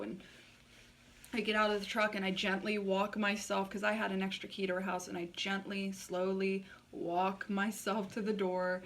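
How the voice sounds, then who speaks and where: A woman's voice: medium pitch, little pitch movement, normal speed, a bit bright, distant mic, a little hiss or hum. A woman vlogger telling a personal story in a blunt, candid way, swearing freely and saying "like" a lot. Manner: blunt and frank, swears freely, many filler likes.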